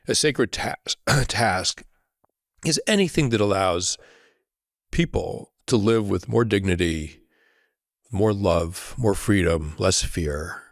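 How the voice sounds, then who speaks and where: A man as a podcast guest, telling a reflective story in an earnest way, often checking in with a quick "right?". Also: low-pitched, animated, no echo, studio quality.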